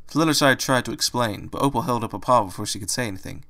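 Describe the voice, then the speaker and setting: A man's voice: mid-range voice, fast talker, vocal fry, hardly any pauses, pushed and bright. Man narrating a storybook reading. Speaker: reader.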